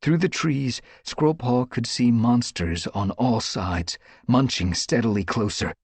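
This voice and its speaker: A man reading a dramatic audiobook story with expressive, dramatic storytelling. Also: medium pitch, a little slow, husky, no room sound. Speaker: audiobook narrator. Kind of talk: audiobook narration.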